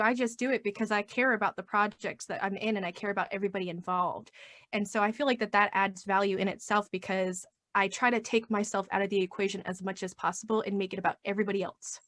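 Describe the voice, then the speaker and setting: A woman's voice: mid-range voice, steady tone, fast talker, fairly bright tone, dry recording. A woman talking as a guest in a casual interview, upbeat and chatty, often acting out what she or others would say. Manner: upbeat, acts out quoted voices. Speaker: podcast guest.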